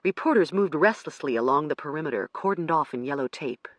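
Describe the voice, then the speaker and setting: Audiobook narrator, measured storytelling, lively pitch, dry booth sound. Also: no echo. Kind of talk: first-person audiobook narration.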